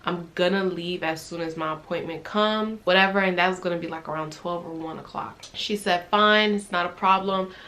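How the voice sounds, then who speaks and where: Young woman recounting a story, animated. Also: on the low side, moderate pace, few pauses, slight background noise. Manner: animated retelling that acts out quoted dialogue; conversational, with frequent "I'm like" and "right?". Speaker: vlogger. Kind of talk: casual personal storytelling.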